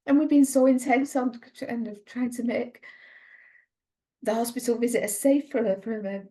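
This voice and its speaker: A middle-aged woman, a mother, giving an earnest, halting personal account in an interview. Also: on the high side, fairly even intonation, dark tone. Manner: earnest, halting, with many restarts. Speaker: mother of a patient, interview guest.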